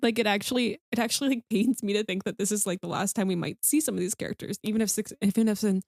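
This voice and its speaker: A woman's voice: medium pitch, a little mellow, dry recording, clean studio sound. Tearful, earnest woman podcast co-host. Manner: earnest and emotional, with many fillers. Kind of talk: casual book discussion.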